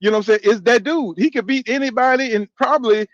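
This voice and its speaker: A fifties-aged boxing channel host speaks at an extremely high pitch and a quick pace while reading out viewer comments. His casual live-stream chat is loose and profane as he talks back to chat. The recording is muffled with no echo.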